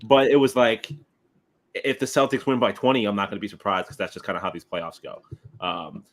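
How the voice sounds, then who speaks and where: A young American man co-hosting a sports podcast, giving his opinions in a hedging, halting way. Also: fairly low pitch, level tone, a bit bright. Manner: hedging, many fillers and restarts. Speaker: podcast co-host. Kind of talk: casual sports chat.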